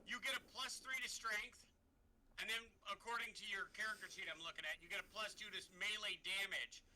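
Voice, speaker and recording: A man running a tabletop game as game master, describing the action in lively, vivid scenes. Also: sits high, fairly quick, a little hiss or hum, rough recording. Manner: lively, vivid scene-painting with acted sound effects.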